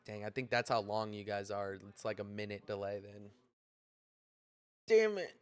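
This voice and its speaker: A man's voice: fairly low pitch, flat delivery, a little fast, clear, resonant tone. A man hosting a casual livestream, rambling to chat while sorting out stream lag. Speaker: livestream host.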